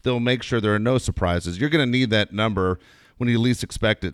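A male radio co-host with a lowish, smooth, resonant voice, reading sponsor spots and chiming in with upbeat agreement. He sounds close and dry, as if recorded in a studio booth. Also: fairly quick, no room sound. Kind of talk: casual talk radio with live ad reads.

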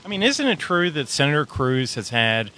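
A man's voice: fairly high pitch, very animated, normal speed, bright, forceful tone, slight background noise. A man hosting a show, interviewing a campaign volunteer outdoors at a polling site with conversational, leading questions. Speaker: show host. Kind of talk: on-the-street interview.

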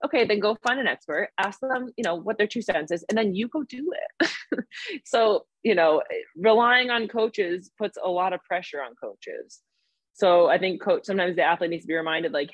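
A woman with a New York accent, a mental performance coach explaining things step by step in an energetic podcast interview. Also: mid-range voice, moderate pace, breathy edge, no echo. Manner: energetic, explains in steps with examples.

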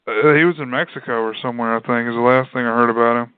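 A man co-hosting a podcast, easygoing and quick to laugh, swearing casually as he talks about movies. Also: mid-range voice, fairly even intonation, clean tone, no room sound. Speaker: podcast co-host. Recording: dry, phone-like band-limited sound.

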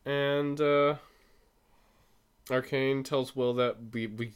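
A podcast host casually recaps a movie, rambling through the story with many fillers and self-corrections. His medium-pitched voice is slow, clear, and resonant, with fairly even intonation.

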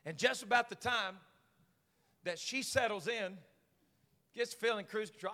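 A man preaching a sermon in a high, bright voice, with a long hall reverb trailing each line. He tells the story with jokes and swings from hushed asides to shouted climaxes. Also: unhurried, pauses often. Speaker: pastor. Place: large church sanctuary.

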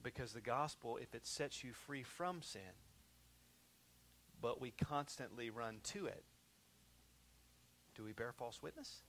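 A man delivers a sermon in a casual, talky way, his voice sitting at an everyday middle pitch. He repeats and restarts his phrases, then pushes loud for emphasis and sinks to near-hushed tones for the serious moments. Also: animated, unhurried, long pauses, a little hiss or hum. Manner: conversational preaching with repetitions, swinging from loud to hushed. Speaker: pastor.

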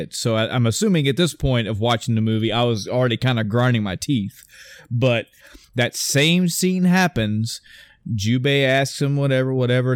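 A man in casual conversation, telling stories in an animated, meandering way that doubles back on itself. His voice sits at an ordinary middle pitch. The sound is dry and close, with no room echo. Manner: rambling, animated storytelling with many restarts. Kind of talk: casual chat.

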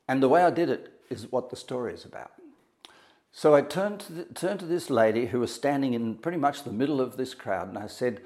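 Guy doing a motivational talk, mid-pitched voice, pauses a lot and acts out the quotes. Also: expressive, darkish tone. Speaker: motivational speaker. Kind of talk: storytelling talk to an audience.

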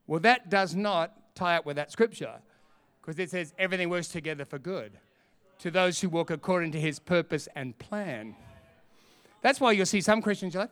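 A man preaching a sermon, animated and humorous, acting out little scenes. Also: high-pitched, moderate pace. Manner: animated, humorous, acts out quotes. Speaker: pastor.

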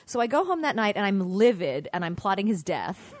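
A woman's voice: medium pitch, sing-song, brisk, no room sound. A middle-aged American woman, a comedian, telling stories in a casual interview. She laughs through her anecdotes and swears freely. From United States. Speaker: podcast guest, comedian. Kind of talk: casual storytelling in conversation.

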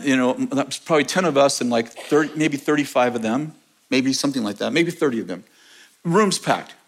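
A man telling a testimony story in a sermon, animated and often laughing as he talks. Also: fairly high pitch. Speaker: preacher.

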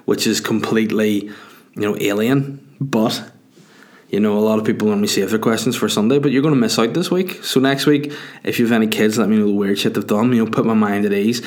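A man's voice: on the low side, fairly even intonation, fairly quick, a little mellow. A man hosting a podcast, telling a rambling comic story full of swearing, with constant "you know" and "do you know what I mean". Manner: profane, joking, digressive storytelling. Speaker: podcast host.

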